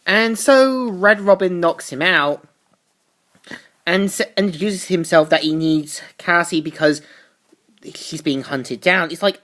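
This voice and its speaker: Lady doing a casual comic book review, lowish voice, chatty recap with side comments. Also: measured pace, fairly bright tone. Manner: chatty plot recap with asides.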